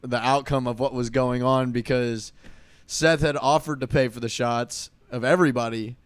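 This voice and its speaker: Young male podcast co-host, wry casual storyteller, smooth mid-range voice. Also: medium pitch, fairly even intonation, moderate pace. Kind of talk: casual chat.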